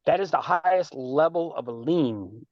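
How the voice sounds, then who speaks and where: Male call speaker, high voice, cocky and animated, slangy; muffled dry call audio. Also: normal speed, no echo. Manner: boastful, animated, streetwise slang. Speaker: speaker answering callers on a group call. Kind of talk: casual lecture and Q&A.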